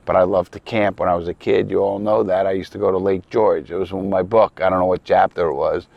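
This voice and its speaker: A man's voice: deep voice, steady tone, fast talker, gravelly, dry recording, muffled recording. A man from New York City with a New York accent, talking bluntly and with a lot of swearing to the camera, outdoors at a lakeside campground. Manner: blunt, profane, rambling and earnest. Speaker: ex-criminal vlogger. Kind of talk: casual outdoor talk to camera.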